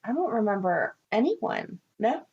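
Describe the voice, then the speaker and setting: A woman's voice: mid-range voice, sing-song, a little slow, vocal fry, darkish tone, slightly rough, lo-fi sound. A woman co-hosting a podcast, casual and opinionated, often laughing as she chats. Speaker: podcast co-host. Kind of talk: casual chat.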